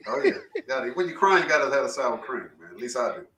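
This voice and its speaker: A man's voice: mid-range voice, animated, fast talker, echoey room, recorded from a distance, very noisy. A man co-hosting a podcast in casual chat, teasing the others with slangy banter and frequent laughter. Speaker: podcast co-host.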